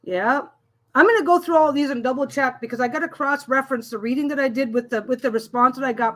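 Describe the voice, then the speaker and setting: A woman's voice: fairly high pitch, fairly bright tone. A middle-aged woman hosting a live stream as a tarot reader, chatting casually and rambling, often restarting her sentences and reading viewer comments aloud. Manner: reads viewer comments aloud and answers them.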